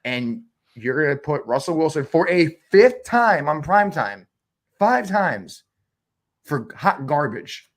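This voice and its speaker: A man co-hosting a fantasy football show, ranting in an animated, exasperated way with big jumps in pitch. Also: takes it slowly. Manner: exasperated, uses cooking metaphors. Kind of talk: animated sports chat.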